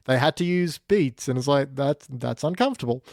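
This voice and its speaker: A man's voice: medium pitch, lively intonation, moderate pace, a little mellow, dry recording, studio quality. A man co-hosting a casual review podcast, making wry jokes and asides. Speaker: podcast co-host.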